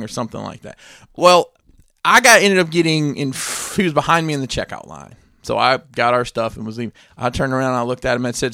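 A man's voice: medium pitch, fast talker, vocal fry, pushed and bright, dry recording. A man telling a story in a casual chat, with dry playful sarcasm.

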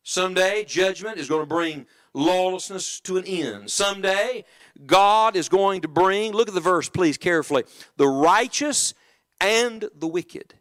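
A middle-aged man preaching a sermon in church, dropping to an earnest hush and rising to emphatic calls, often asking the congregation questions. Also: high-pitched, moderate pace, smooth. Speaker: evangelist preacher.

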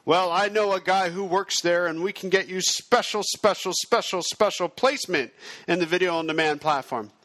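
A man playing a slick, condescending dealer who talks down with polished sales patter. The voice is on the higher side and sounds close and dry. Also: moderate pace, fairly bright tone, dry recording. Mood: smug.

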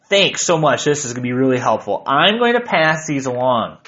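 A man voicing a friendly, chatty female park ranger who briskly reads rules off a form. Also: medium pitch, very animated, fairly bright tone, muffled recording. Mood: grateful.

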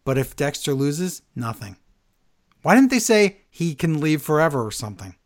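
Male co-host, a bit high-pitched, loose conversational recapper. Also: very animated, normal speed. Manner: chatty recapper, quotes wrestlers in mock voices. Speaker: podcast co-host recapping wrestling. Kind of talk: casual chat.

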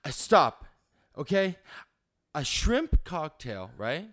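A man's voice: on the high side, big pitch swings, takes it slowly, fairly bright tone, exaggerated voice. A man voicing an entitled, demanding woman customer at a restaurant, who interrupts and threatens. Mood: indignant. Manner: interrupting, repeating "no" and "stop it", threatening.

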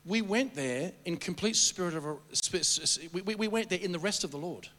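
Animated preacher in an echoing hall. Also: male voice, sits high, fairly quick. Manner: rambling, animated, with frequent restarts and stammered repeats. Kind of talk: sermon storytelling. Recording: long hall reverb.

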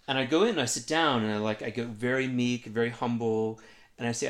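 A man's voice: mid-range voice, fairly even intonation, fairly quick. A man guest telling a funny, self-mocking story in a conversation, acting out what people said.

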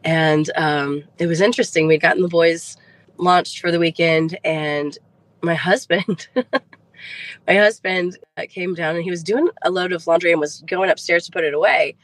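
A woman's voice: lowish voice, steady tone, normal speed, dry recording, rough recording. A middle-aged woman, a podcast guest, telling a heartfelt personal faith story and retelling conversations along the way.

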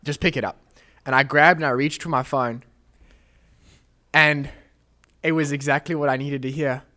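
A young man with a fairly high voice tells a faith testimony on a podcast. He speaks earnestly and with animation, acting out the prayers he recalls. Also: moderate pace. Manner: earnest, animated storytelling, quoting prayers aloud. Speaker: podcast host. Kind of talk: emotional testimony in a casual chat.

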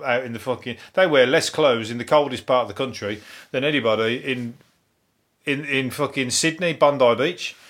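A man's voice: medium pitch, fairly bright tone. A man with a Birmingham accent hosting a solo podcast, rambling casually with swearing, self-mocking jokes and restarts. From England. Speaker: podcast host.

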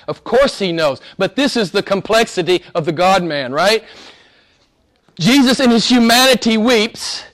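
Emphatic preacher, man, higher voice. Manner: emphatic, swinging from loud stresses to near-whispers; conversational, addresses listeners directly. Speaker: pastor. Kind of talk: sermon.

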